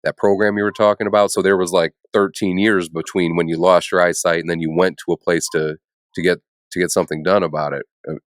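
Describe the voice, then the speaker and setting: A man's voice: low voice, little pitch movement, quick pace, no echo, clean studio sound. A man hosting a podcast, asking a guest questions in a hesitant way, with fillers. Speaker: podcast host. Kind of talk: interview questions.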